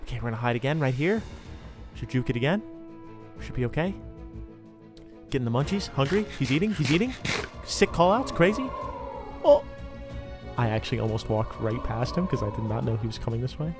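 A man narrating his own game roleplay in an excitable way, often yelping and panicking as things chase him. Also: medium pitch, brisk, long pauses. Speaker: gamer doing a roleplay. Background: game music.

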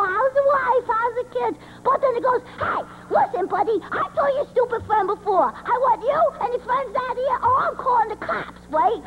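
A man voicing a chatty male Muppet character who tells rambling jokes live at a party, tacking "right?" onto nearly every line, heard on dull, lo-fi old camcorder audio. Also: very high-pitched. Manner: rambling joke-telling, ends lines with "right?". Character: high-voiced male Muppet monster, a chatty joke-teller. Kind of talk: live puppet stand-up at a party. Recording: dull lo-fi 1980s camcorder audio with faint noise.

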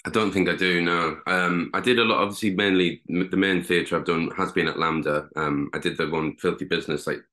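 A man's voice: deep voice, fairly even intonation, brisk, few pauses, sharp tone. A young man from Durham with a northern English accent, chatting as an interview guest in a rambling way with lots of fillers and restarts. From Durham, England. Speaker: guest actor. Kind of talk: casual interview.

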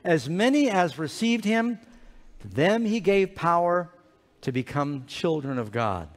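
A man telling an animated, playful story sermon to children in a large church hall. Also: on the high side, unhurried. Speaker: preacher. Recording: reverberant hall.

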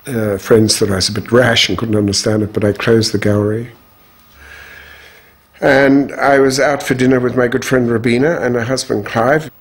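An older man from Australia, recounting his life in an interview in a measured, frank way. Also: mid-range voice, steady tone, slightly rough. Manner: measured, frank, strong views. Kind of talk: reflective personal storytelling.

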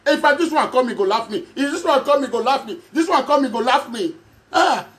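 A man's voice: very high-pitched, lively intonation, quick pace, fairly bright tone. A man from Edo State speaking Nigerian Pidgin with an Edo accent, addressing followers in a rambling, repetitive monologue and chuckling often. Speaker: self-styled prophet addressing followers. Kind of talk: direct-to-camera monologue.

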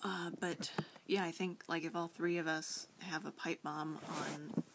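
A woman's voice: low-pitched, fairly even intonation, measured pace, background noise. A young woman vlogging a casual reply to a friend, rambling with lots of fillers and restarts, often giggling.

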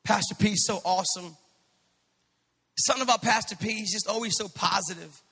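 A male pastor delivers an impassioned sermon in a very high, gravelly voice, building to shouts and tossing quips to his congregation. His bright tone rings out through a long-reverberating church hall. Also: brisk. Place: church sanctuary.

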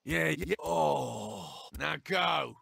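A man's voice: fairly high pitch, lively intonation, drawn-out words, gravelly, sharp tone, husky, no room sound, clean studio sound, full character voice. An actor with a British accent voicing a cocky, brash male gang-boss president in a video game, throwing crude, mocking taunts. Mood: taunting. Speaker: player character taunting.

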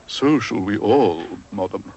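A man's voice: on the low side, lively intonation, takes it slowly, creaky, darkish tone, breathy edge, highs cut off, pitched below the performer's own voice, exaggerated voice. A man voicing a nervous, snooty male shop assistant in a cartoon storybook, who stammers.

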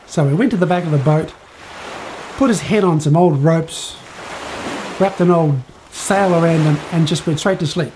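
A man telling a Bible story for a children's church, reading in an expressive way. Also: fairly high pitch, normal speed, slight background noise, poor audio.

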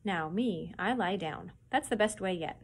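A woman's voice: mid-range voice, animated, moderate pace, a little hiss or hum, natural voice. Kindly old drifter, soothing and patient, read by a woman. Storybook. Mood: reassuring. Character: kindly older male hobo.

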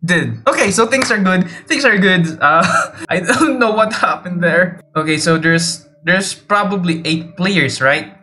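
A man giving jumpy, excitable gameplay commentary, teasing other players and often yelping and laughing. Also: high voice, a little slow, slight background noise. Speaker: video game player. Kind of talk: let's play gameplay commentary.

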